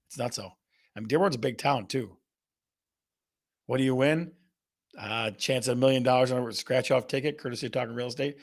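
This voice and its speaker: A man with a medium-pitched voice and vocal fry hosts a live real estate show as a call-and-response game with viewers. He's energetic and repetitive, restating questions and reading viewer guesses aloud.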